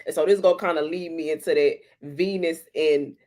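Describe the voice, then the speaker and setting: Animated, profane woman talking astrology. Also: deep voice, a little fast. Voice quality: profane, animated, laughs often. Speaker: astrology talk host. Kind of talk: casual astrology talk.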